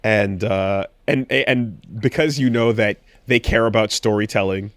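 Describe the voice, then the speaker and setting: A man co-hosting a podcast in casual chat, telling an excited story with animated quoted cries and frequent swearing. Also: lowish voice, a little slow, no room sound. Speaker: podcast co-host.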